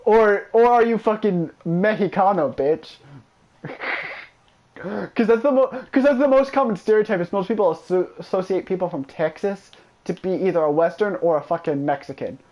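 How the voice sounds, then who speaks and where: A man's voice: sits high, normal speed, highs cut off. A man streaming a video game, chatting casually and trash-talking a friend with lots of swearing. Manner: profane, excitable trash-talk. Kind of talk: casual gameplay commentary.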